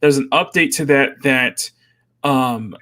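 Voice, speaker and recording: A man's voice: mid-range voice, takes it slowly, sharp tone. A man co-hosting a casual gaming stream, laid-back and repetitive, with small chuckles. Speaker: co-host. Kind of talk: casual chat on a live stream.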